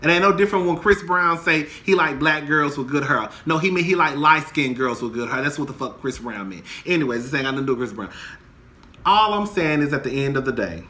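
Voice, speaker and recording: A man's voice: on the high side, expressive, brisk, sharp tone. A young man angrily ranting about a reality TV show, heated, profane and emphatic. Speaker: commentator. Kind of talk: angry reality TV rant to camera.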